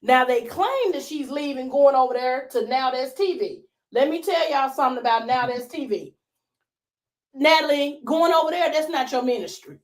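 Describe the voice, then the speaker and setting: A woman's voice: sits high, expressive, normal speed. A woman co-hosting a casual gossip commentary show, opinionated and full of rhetorical questions. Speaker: co-host.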